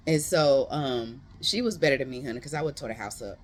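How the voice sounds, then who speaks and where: A book reviewer giving a casual, animated retelling of a novel's plot, full of slangy asides to viewers. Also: mid-range voice, brisk. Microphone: close.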